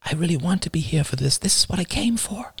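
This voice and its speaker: A man voices a timid, earnest young girl in a storybook reading. Her voice is high and breathy, pitched far above the reader's own. Close, dry sound. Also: animated, fast, fairly bright tone, no echo, exaggerated voice. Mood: pleading.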